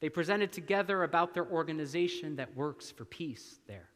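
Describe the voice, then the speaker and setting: A male minister preaching a sermon, slow and deliberate, with long dramatic pauses. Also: fairly high pitch, fairly bright tone. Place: church sanctuary. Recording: long church reverb.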